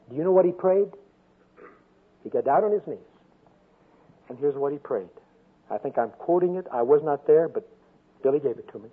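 An older man preaching a sermon with a storytelling manner, swinging from loud emphasis down to a soft hush. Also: on the high side, lively intonation, moderate pace, pauses often, breathy edge. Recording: tinny phone-like radio sound.

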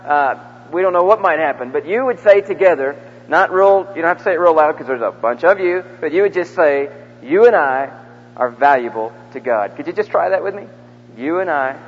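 A man's voice: sits high, lively intonation, fast talker, husky. A male preacher leading a large church crowd in call-and-response during a sermon, coaxing them section by section. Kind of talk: interactive sermon. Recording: dull echoey hall recording from the mic.

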